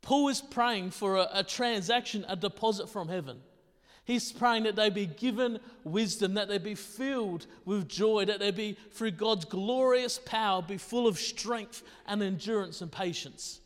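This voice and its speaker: A man's voice: high voice, measured pace. A man preaching a sermon in a conversational way, firing off rhetorical questions. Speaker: pastor. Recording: long reverb of a large hall.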